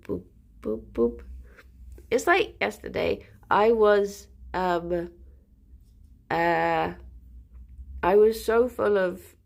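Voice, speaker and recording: A woman chatting casually on a live stream. She rambles with plenty of fillers and coos at her pets in a higher voice. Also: gravelly, a little mellow.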